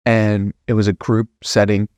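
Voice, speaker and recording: A man guesting on a podcast, telling a personal story in an earnest, heartfelt way that grows animated. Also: lowish voice, moderate pace, smooth, no room sound.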